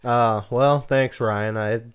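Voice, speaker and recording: A man's voice: mid-range voice, fairly even intonation, slow pace, a crowd in the background. Dry, teasing young man cohost. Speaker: podcast co-host. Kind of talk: casual chat.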